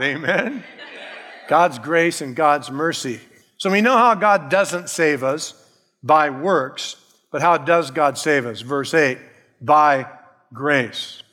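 A man delivers a sermon with an insistent, emphatic preaching style. His voice sits a little higher than most men's. The sound carries the long reverb of a large church hall. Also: sharp tone. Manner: emphatic preaching, calls out "Amen?", acts out quoted voices. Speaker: pastor.

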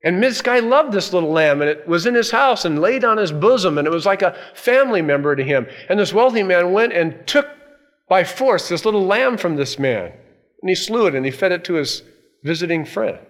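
A male pastor preaching a sermon, telling a Bible story with lively swings between loud and hushed delivery. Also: sits high, brisk. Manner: animated storytelling, dropping to hushed tones for emphasis.

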